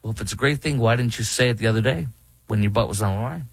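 Middle-aged man, slightly husky, dry close-mic sound, indignant monologue commentator who mocks every quote he reads. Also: fairly low pitch, fast, dry recording, poor audio. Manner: indignant, mocking, reads quotes aloud then rebuts them. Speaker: political commentator.

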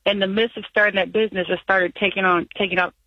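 A woman's voice: medium pitch, little pitch movement, fast, no echo. A woman calling in to an advice show, anxious and rambling, laughing nervously as she lists her numbers. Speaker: caller. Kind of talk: phone-in call. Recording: muffled phone line.

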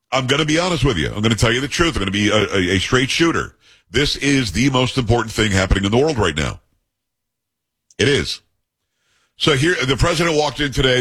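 A husky-voiced man behind a talk radio mic, reading the news and breaking in with emphatic opinions. His pitch sits in an ordinary middle range, and he banters with his co-hosts between stories. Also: a bit bright.

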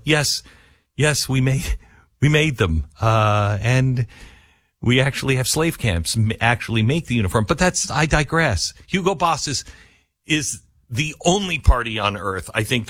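A man's voice: medium pitch, fairly bright tone, no echo. A male host giving a sarcastic, rambling political commentary monologue, full of restarts and asides.

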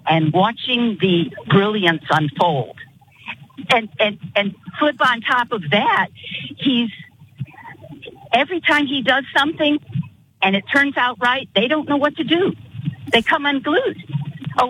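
A woman's voice: a little high, a bit bright, a little hiss or hum, rough recording. A woman calling into a radio show, speaking enthusiastically. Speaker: caller.

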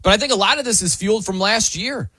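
Upbeat sports radio host, raspy tone. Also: male voice, high-pitched, no room sound. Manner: lively, enthusiastic, quick banter.

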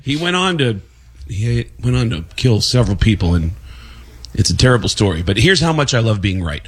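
A man, a comedian guest, telling a comic story on a radio show and building up to shouted punchlines. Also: fairly low pitch, big pitch swings, a little fast, breathy edge.

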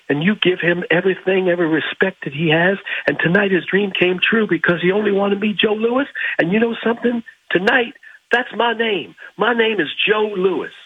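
A man voicing a boastful male boxing champion over a phone-like line, his voice pitched up high. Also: breathy edge, no echo.

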